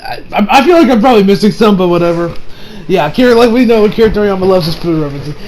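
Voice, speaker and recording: High-voiced young man reviewing anime. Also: expressive, racing, darkish tone, a little hiss or hum, poor audio. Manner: rambling, with profanity and many restarts. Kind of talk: casual episode review.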